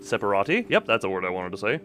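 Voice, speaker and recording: A man's voice: fairly low pitch, very animated, fast talker, fairly bright tone, faint music behind. A man streaming a video game, chatting loosely with his viewers, restarting his sentences and laughing often. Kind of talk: casual live-stream chat while playing.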